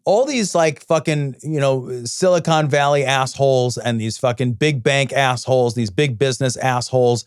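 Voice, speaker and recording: A man's voice: mid-range voice, normal speed, few pauses, clean tone, dry recording, clean studio sound. A man co-hosting a podcast, talking politics in a heated, crude and sarcastic way. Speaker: podcast co-host. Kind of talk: casual political chat.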